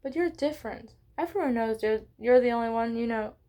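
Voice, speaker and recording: A woman's voice: fairly high pitch, fairly quick, mellow, lightly acted. A woman reading aloud and voicing a stern, impatient older female professor who talks in a clipped, exasperated way.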